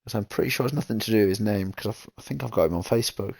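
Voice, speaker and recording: Racing along in vocal fry, this fairly low, darkish male voice carries easygoing, rambling commentary on an online racing league with no echo. The man, recovering from a kidney infection, reads chat messages out as he talks.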